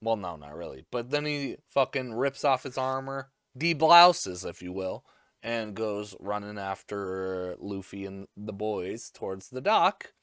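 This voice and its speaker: A man's voice: lowish voice, big pitch swings, a little slow, a bit bright, smooth, no echo, clean studio sound. A young man giving a casual, crude, joking anime recap, with lots of fillers. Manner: crude, jokey, full of fillers.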